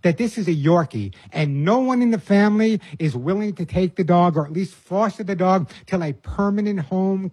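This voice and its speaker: A man's voice: high voice, darkish tone, husky, dry recording. An older man hosting a call-in radio show about pets, giving earnest, folksy advice and often repeating words as he starts a phrase. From New York. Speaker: radio pet advice host.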